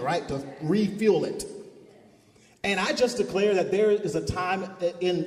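A man's voice: high-pitched, a little mellow. A male pastor preaching a sermon, leading the congregation in call-and-response with rising, emphatic declarations. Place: church sanctuary. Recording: echoey hall.

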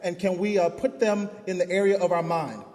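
A man's voice: high-pitched, steady tone, brisk, a little mellow. A male pastor preaching a sermon, leading the congregation in call-and-response with rising, emphatic declarations. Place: church sanctuary. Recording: echoey hall.

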